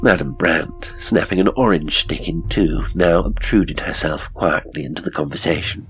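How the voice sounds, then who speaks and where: A man reading a horror story aloud in slow, deliberate, hushed scripted narration. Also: low-pitched, creaky, faint music behind.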